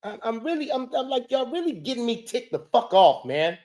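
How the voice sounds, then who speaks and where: A man hosting a reaction show, heckling a clip in a loud, profane rant. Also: extremely high pitch, very animated, fairly quick. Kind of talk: ranting reaction commentary.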